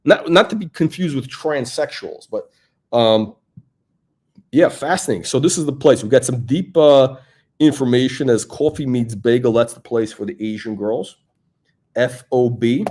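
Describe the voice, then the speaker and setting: A man's voice: mid-range voice, moderate pace, darkish tone, husky. A man hosting a casual podcast, talking in a loose, rambling, joking way with lots of fillers. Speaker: host.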